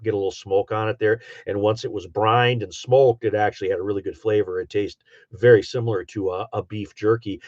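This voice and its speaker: A man's voice: on the low side, darkish tone, dry recording. Middle-aged upper midwest guy rambling on a livestream, lotsa ums, dull dry sound. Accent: Upper Midwest, Michigan. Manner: rambling, folksy, many fillers. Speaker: livestream host reading chat. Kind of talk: casual livestream chat.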